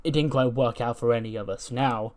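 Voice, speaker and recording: A cocky, bullying wrestler barks orders at his teammates and threatens to send them back to irrelevancy, as a man reads his promo aloud. He speaks at a middling pitch, bragging and lecturing. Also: fairly quick, a little mellow, lightly acted. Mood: boastful. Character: arrogant male wrestler berating his teammates.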